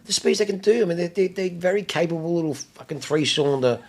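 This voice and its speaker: A man's voice: fairly high pitch, expressive, fast, darkish tone. An Australian man hosting a podcast, chatting casually and rambling through profane stories with laughter. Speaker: podcast host. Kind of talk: casual chat.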